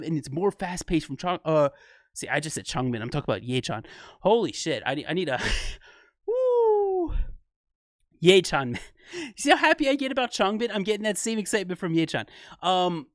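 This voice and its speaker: Excitable man breaking down rap flows. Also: fairly high pitch, no echo, clean studio sound. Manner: excitable, analytical, laughs often, self-corrects. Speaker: music reaction channel host. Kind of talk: casual rap breakdown commentary.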